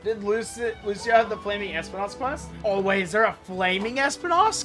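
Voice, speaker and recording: A woman streamer giving excitable, chatty live gameplay commentary, breaking into mock-outraged rants. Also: medium pitch, a little fast, hardly any pauses. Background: game music.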